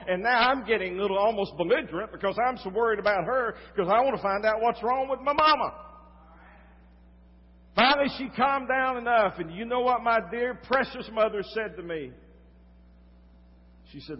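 An older man preaching a sermon, telling a personal story with dramatic swings from loud to hushed. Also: high voice, lively intonation, moderate pace. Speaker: pastor. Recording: reverberant hall, slightly dull sound.

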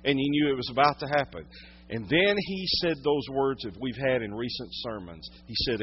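A male pastor preaching a sermon, swinging from hushed, intimate moments to loud, dramatic storytelling. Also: mid-range voice, animated, brisk, husky, dull audio.

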